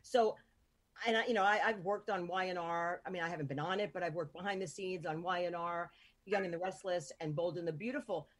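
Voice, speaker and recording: A woman's voice: lowish voice, steady tone, a little fast. A woman hosting an interview podcast, chatty and rambling, with lots of filler words. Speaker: host. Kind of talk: casual interview chat.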